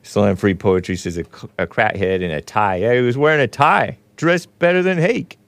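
A man's voice: fairly low pitch, normal speed, creaky, dry recording. A man in his forties hosting a show, giving casual, wry commentary on news clips with sarcastic asides. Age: 40s. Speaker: host.

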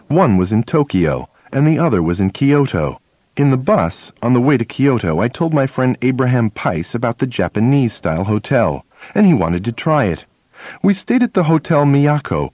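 A man narrating a first-person memoir audiobook, telling stories in an animated way. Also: mid-range voice, no echo. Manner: animated storytelling, acting out dialogue.

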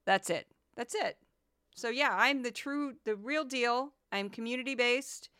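A woman's voice: a little high, a little slow, sharp tone, clear, resonant tone, dry recording, studio quality. A woman hosting a commentary podcast, talking animatedly and slipping into goofy voices. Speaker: podcast host.

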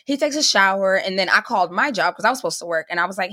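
A woman's voice: medium pitch, lively intonation, racing, few pauses, bright, forceful tone, dry recording, studio quality. A young woman, a podcast guest, telling a personal story in casual chat and acting out the voices of the people in it. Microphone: remote call mic.

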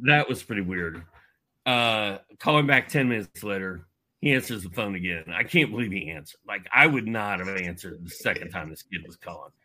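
A man in his fifties from Indianapolis, telling a long story as a podcast guest in a lively, filler-heavy way. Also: on the low side. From Indianapolis, United States. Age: 50s. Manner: animated, with many fillers and asides. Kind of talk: casual storytelling.

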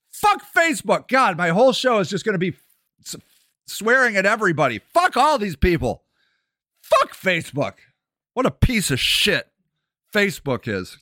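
A man's voice: on the high side, pushed and bright, no room sound, studio quality. A man ranting angrily about politics on a livestream, swearing constantly. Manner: angry, profane ranting. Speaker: political commentator. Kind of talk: livestreamed rant.

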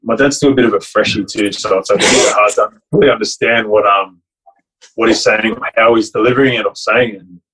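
Husky-voiced man telling a story. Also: lowish voice, fairly even intonation, fairly quick, bright, forceful tone, low-quality recording. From Fiji. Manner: rambling and heartfelt, many restarts and "like". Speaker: guest, rugby league player and coach. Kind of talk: casual storytelling chat.

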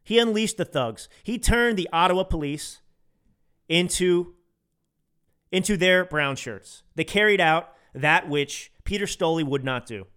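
A man's voice: sits high, animated, normal speed, a bit bright, smooth. A man from the United States hosting a podcast, giving emphatic, ranting political commentary and repeating phrases for effect. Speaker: podcast host.

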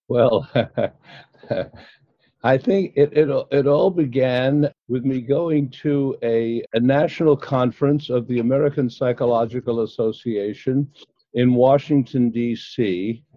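An older man, a psychologist guest, recounting his past in an interview with many pauses and fillers. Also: mid-range voice, no echo. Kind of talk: storytelling in an interview. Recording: dull, dry lo-fi sound.

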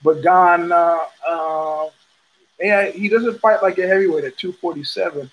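A man's voice: sits high, highs cut off. Rambling middle-aged male podcast host. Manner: rambling, halting, with frequent fillers and swearing. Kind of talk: casual fight commentary monologue.

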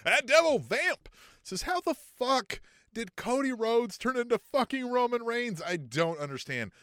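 Animated high-voiced podcast man. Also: a little slow, no echo, studio quality. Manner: animated, swears often, acts out quotes in mocking high voices. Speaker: podcast co-host. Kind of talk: casual wrestling podcast chat.

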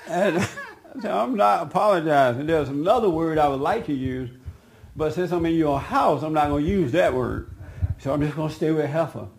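A middle-aged man telling a casual personal anecdote, animated and laughing, raising his voice when he quotes people. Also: fairly high pitch, vocal fry. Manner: animated, laughing, quoting others in a raised voice. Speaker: storyteller.

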